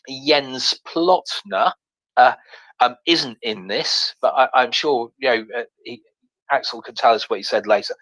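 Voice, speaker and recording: Dry-voiced man, halting and wry. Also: mid-range voice, fairly bright tone, no echo, poor audio. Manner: halting, many fillers and restarts, wry asides. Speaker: host. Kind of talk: casual live audio chat, reading a tweet and article aloud.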